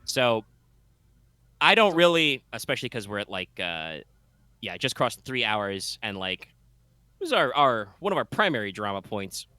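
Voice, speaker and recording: A man's voice: medium pitch, very animated, moderate pace, pushed and bright, dry recording. A man narrating a tabletop game as game master, rambling with many fillers and restarts.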